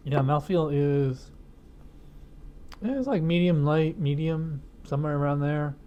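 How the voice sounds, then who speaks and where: The sound is lo-fi as a man with a slightly high, dark-toned voice speaks at a measured pace. He reviews a beer casually in a home studio, rambling, restarting, using lots of fillers, and laughing at his own jokes, all via a wireless lapel mic behind a studio mic.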